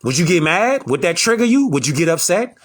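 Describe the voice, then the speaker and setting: A man's voice: on the high side, very animated, fairly quick. A man lecturing his audience in an emphatic, preachy way, repeating rhetorical questions. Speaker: online lecturer. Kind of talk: preachy commentary to camera.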